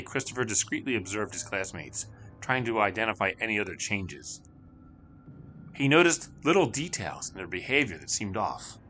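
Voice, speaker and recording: A man's voice: fairly low pitch, sharp tone. A man narrating a spooky children's story with dramatic, shifting delivery.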